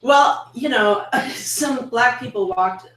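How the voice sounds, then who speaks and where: A woman's voice: on the high side, takes it slowly, fairly bright tone. A woman chatting casually on a podcast who tells blunt stories, laughs easily and mimics people with sarcasm. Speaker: podcast co-host. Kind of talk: casual chat. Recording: echoey room, far from the mic.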